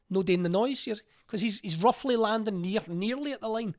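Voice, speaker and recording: A man's voice: a little fast, hardly any pauses. A man with a Glaswegian accent, an actor telling stories in a casual interview and acting out the lines he quotes. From Scotland. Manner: animated, acts out quotes with raised pitch. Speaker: actor and playwright, guest.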